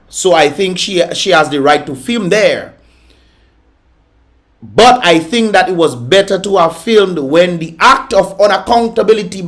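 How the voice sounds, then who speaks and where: A man hosting a reaction vlog, scolding and mocking with frequent laughter. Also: a little high. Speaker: vlog host reacting to videos. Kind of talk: reaction commentary.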